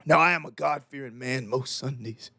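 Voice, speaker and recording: Man playing a vengeful grieving father, anguished, low and grim. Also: normal speed, vocal fry, bright, forceful tone, breathy edge, dry recording, full character voice.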